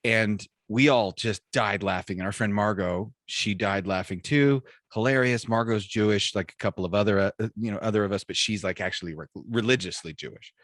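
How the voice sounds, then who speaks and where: A man hosting a podcast over a video call, telling jokes in a loose, animated storytelling way. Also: fairly low pitch, a little fast, hardly any pauses, no room sound, studio quality. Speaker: podcast host. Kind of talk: casual chat, telling jokes. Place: home, remote video call. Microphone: own mic on a video call.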